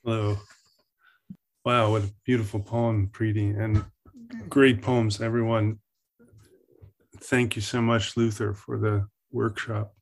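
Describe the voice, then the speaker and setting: A man from New Jersey reading his poem with careful, even recitation and pauses between phrases. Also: fairly low pitch. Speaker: poet. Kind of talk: poetry reading.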